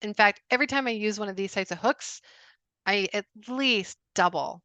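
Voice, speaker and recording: A woman's voice: medium pitch, vocal fry, a bit bright, dry recording. A woman giving an upbeat sales training webinar, emphatic and repeating key phrases. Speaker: business coach.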